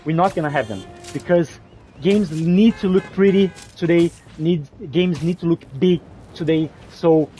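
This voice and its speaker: A man giving rambling, excitable gameplay commentary as a gaming channel host, often restarting his sentences. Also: a little high, a little slow, soft background music.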